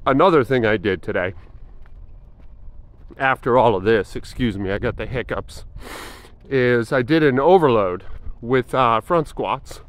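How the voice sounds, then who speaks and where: A man's voice: medium pitch, a bit bright, smooth. Rambling man in his forties. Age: 40s. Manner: rambling, thinking aloud with many fillers and restarts. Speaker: fitness vlogger. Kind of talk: casual vlog talk.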